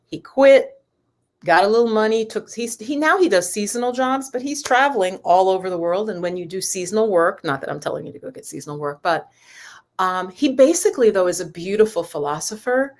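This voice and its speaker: A woman hosting a relaxed live stream as a spiritual and yoga teacher. Her voice sits at an ordinary middle pitch. She chats on in a loose, rambling way and keeps turning to address her viewers directly. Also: brisk. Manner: chatty and rambling, talks straight to the viewers.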